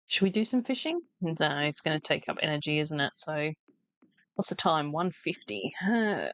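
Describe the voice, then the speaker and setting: A woman's voice: sits low, dry recording. A woman hosting a farming game let's play, with chatty, wry asides and laughing at herself. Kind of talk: casual gameplay commentary.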